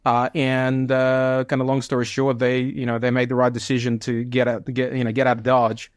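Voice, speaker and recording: A man's voice: medium pitch, completely flat delivery, brisk, clean tone, no room sound, studio quality. Rambling man in his forties. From Soviet Union. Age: 40s. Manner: rambling, many fillers and restarts. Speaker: podcast guest, business founder. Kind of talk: casual interview storytelling.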